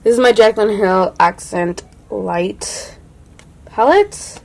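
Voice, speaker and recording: A young adult woman chatting casually through a makeup declutter, full of "like" and dropping to a soft hush when admiring products. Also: mid-range voice, takes it slowly, gravelly, noisy background. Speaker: beauty vlogger.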